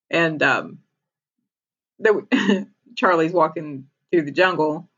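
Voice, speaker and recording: A woman's voice: on the low side, animated, slow, pauses often, a bit bright, lo-fi sound. A woman casually retelling a TV episode as a podcast co-host, laughing often as she talks.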